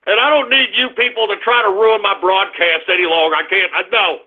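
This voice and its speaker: A man's voice: high-pitched, steady tone, brisk. A man hosting a political talk radio show, ranting angrily and cursing at online trolls. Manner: ranting, profane, combative, shouting at trolls. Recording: tinny phone-like lo-fi sound.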